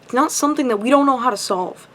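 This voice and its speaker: High-voiced young woman, impassioned rant. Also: fast, fairly bright tone. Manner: frustrated, impassioned, heavy swearing. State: tired late at night. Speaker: vlogger. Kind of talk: ranting to camera.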